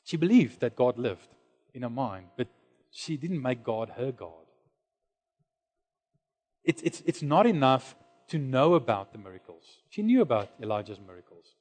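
A man preaching a sermon, dropping to hushed low lines and then rising to loud, high exclamations. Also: big pitch swings, moderate pace, long pauses. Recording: long hall reverb.

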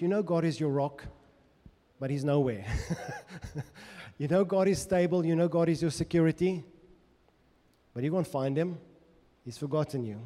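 Impassioned preacher in an echoing hall. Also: male voice, fairly high pitch, warm tone. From South Africa. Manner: impassioned, speaking as the psalmist in first person. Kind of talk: sermon. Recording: long echo of a large hall.

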